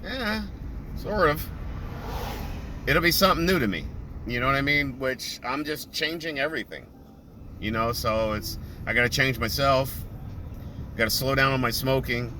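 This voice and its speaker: A vlogger chats casually behind the wheel in traffic, laughing and telling stories with quoted voices. His voice is medium-pitched, his speed normal, and he leaves long pauses. Car and road noise run through the recording, with traffic audible in the background.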